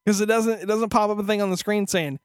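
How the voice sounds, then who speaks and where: A man's voice: high-pitched, steady tone, fast, smooth, dry recording, studio quality. A man co-hosting a podcast, telling a story as a profane, exasperated rant in casual chat. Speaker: podcast co-host.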